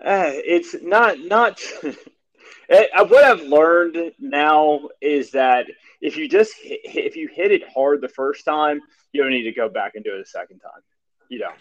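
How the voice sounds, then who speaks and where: A man's voice: fairly high pitch, very animated, a little slow, muffled recording. A man co-hosting a casual chat, answering in a matter-of-fact way with frequent restarts.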